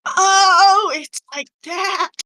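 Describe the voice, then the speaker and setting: A man voicing a brisk, confident female hunter who leads a team, smug and cheery. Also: extremely high pitch, sharp tone, voice pushed up, full character voice. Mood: amused, smug.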